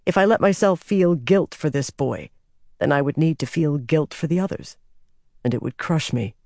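A man voicing a stern, burdened young male king who speaks in a quiet, measured, grim way. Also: a little high, no room sound, studio quality, close to an everyday voice.

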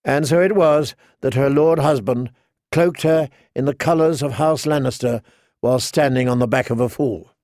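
A man narrating a fantasy novel in an audiobook with measured, even storytelling. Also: mid-range voice, dry recording, clean studio sound.

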